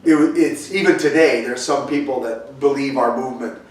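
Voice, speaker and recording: In an echoey church sanctuary, an older pastor preaches conversationally, weaving stories with chatty asides and restarts. He speaks at a moderate pace in a mid-range voice, far from the mic.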